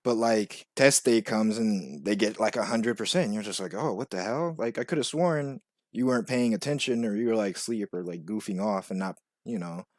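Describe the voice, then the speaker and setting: A young man telling a rambling personal story, full of "like" and "you know", now and then acting out quoted voices much higher. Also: normal speed, a little mellow, dry recording, clean studio sound. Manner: rambling, filler-heavy with frequent "like" and "you know". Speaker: vlogger. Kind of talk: casual storytelling monologue.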